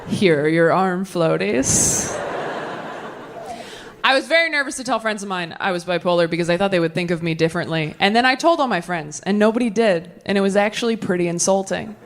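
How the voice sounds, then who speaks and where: Young woman doing a deadpan stand-up set. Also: on the low side, a little fast, very noisy. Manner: deadpan storytelling with acted-out dialogue. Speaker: stand-up comedian. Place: comedy stage before a laughing audience.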